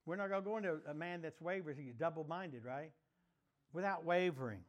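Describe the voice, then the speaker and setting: High-voiced preacher, emphatic. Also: male voice, a little fast, dull audio. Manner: emphatic, exhorting, leads the congregation in repeated declarations. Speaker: pastor. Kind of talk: sermon with call-and-response declarations. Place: church sanctuary, also streamed online.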